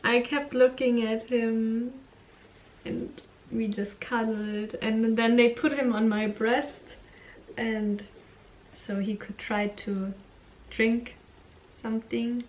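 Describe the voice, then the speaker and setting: A woman's voice: on the high side, flat delivery, takes it slowly, muffled recording. A young woman vlogger telling a personal story in a candid, chatty way, often laughing and acting out what people said. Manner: candid, giggly, acts out quotes. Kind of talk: casual storytelling vlog.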